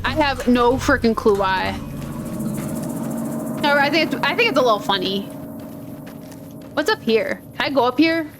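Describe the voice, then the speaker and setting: A woman's voice: sits high, lively intonation, normal speed, long pauses, over music. A woman with a Minnesotan accent, chatting in a rambling, playful way while she plays a video game. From Minnesota, USA. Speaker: gaming video host. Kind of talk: casual chat over gameplay.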